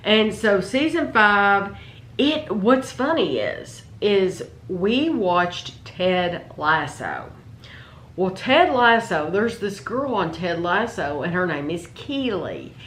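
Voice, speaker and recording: A woman's voice: medium pitch, animated, slow pace, fairly bright tone, echoey room, slight background noise. A woman, chatting animatedly as co-host about shows she watched. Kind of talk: casual chat.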